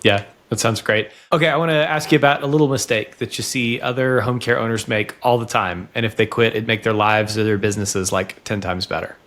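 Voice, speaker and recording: A man's voice: fairly low pitch, fairly even intonation, a bit bright. A man hosting a podcast, asking questions and closing the show in an upbeat way. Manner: upbeat, brisk interviewer. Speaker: podcast host. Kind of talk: interview hosting.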